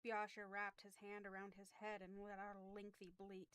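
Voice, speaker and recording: A woman streamer reading a horror game's story aloud, breaking off now and then for quick asides. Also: medium pitch, completely flat delivery, fairly bright tone, clean tone, no room sound. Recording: game music behind voice.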